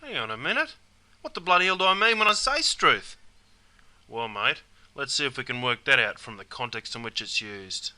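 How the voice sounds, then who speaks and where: A brash, laid-back Australian bloke, as a man acts him out, tosses "mate" and "bloody" into everything he says. His voice is piercingly bright and forceful, with a broad Australian accent, and he delivers comic slang lessons with plenty of bluster. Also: mid-range voice, very animated, moderate pace. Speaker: slang teacher. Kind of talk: comic skit and explainer.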